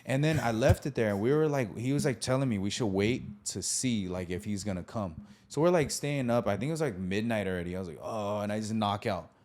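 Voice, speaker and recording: A man in his thirties casually telling a childhood story as the podcast host, animated, acting out voices and laughing often. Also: on the low side, a little fast, few pauses.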